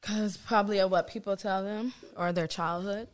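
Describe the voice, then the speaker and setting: A woman's voice: mid-range voice, fairly even intonation, normal speed. A young woman co-hosting a podcast in casual chat, playful and slangy, laughing often. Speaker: podcast co-host.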